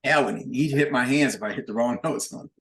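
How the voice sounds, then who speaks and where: An older man, a guest musician, telling animated, plain-spoken anecdotes in a relaxed chat. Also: medium pitch, a little fast, gravelly, roomy sound. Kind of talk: casual storytelling.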